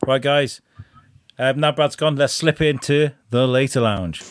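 A man co-hosting a podcast, chatty and easygoing, voice at a middle pitch. The sound is close and dry, like a home setup with no room echo. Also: unhurried. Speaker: podcast co-host. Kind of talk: casual chat.

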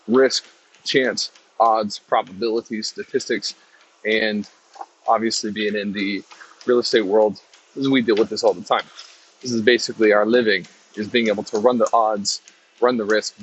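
A man's voice: fairly low pitch, a bit bright, slight background noise. A man hosting his own motivational podcast, talking loosely with many restarts and fillers. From American South. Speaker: podcast host. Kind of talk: casual motivational talk. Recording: dull lo-fi recording.

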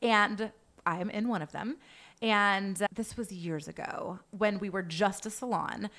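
A woman's voice: mid-range voice, a little slow. A young adult woman who runs a hair salon, telling a story in casual podcast chat with lots of "like". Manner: animated storytelling with frequent "like".

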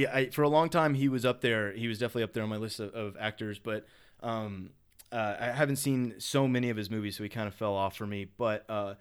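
A man chatting on a podcast in an easygoing, rambling way. He gets excited, trips over his own sentences and fills the gaps with "uh" and "like." It sounds like a friendly, unscripted conversation. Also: mid-range voice, clear, resonant tone. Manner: rambling, lots of restarts and fillers, enthusiastic. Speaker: podcast co-host. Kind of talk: casual chat.

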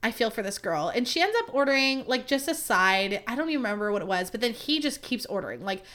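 A woman's voice: a little high, lively intonation, fast talker, fairly bright tone. A woman in her thirties, a podcast host, telling a story in a casual, chatty way with lots of asides to her listeners. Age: 30s.

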